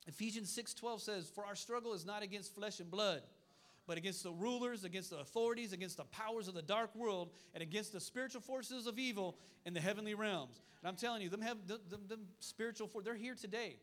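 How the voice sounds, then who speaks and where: High-pitched, fast-talking fiery preacher man. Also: a bit bright. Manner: fiery, repetitive preaching with call-and-response asides. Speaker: pastor. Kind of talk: sermon.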